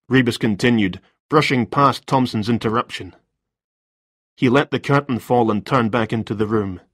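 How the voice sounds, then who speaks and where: A man narrating a story for listeners, reading in a steady, even way. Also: mid-range voice, moderate pace, slightly rough, dry recording, studio quality.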